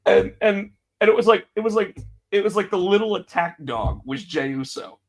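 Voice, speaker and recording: Animated high-voiced man recapping wrestling. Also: normal speed. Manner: animated, acts out quotes with big pitch jumps. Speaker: podcast co-host. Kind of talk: casual wrestling chat.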